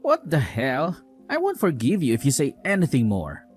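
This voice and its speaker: A woman playing a scolding hot-headed husband, lowish voice, lively swings in pitch, faint music behind. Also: moderate pace, slightly rough, heavily acted. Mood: scolding, accusing. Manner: accusing, scolding. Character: angry young husband, mother-loyal, hot-tempered. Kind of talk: dramatized story dialogue.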